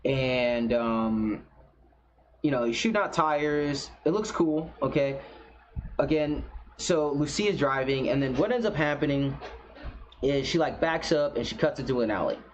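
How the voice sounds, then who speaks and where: A gaming commentator reacts casually to a game trailer, blunt, profane and opinionated. He speaks at a measured pace in a medium pitch, over slight background noise in a slightly dull recording.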